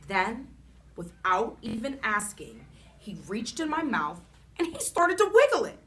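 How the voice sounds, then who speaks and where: A woman reading a children's chapter book aloud in an expressive, animated storytelling manner. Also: a little high, unhurried, slight background noise.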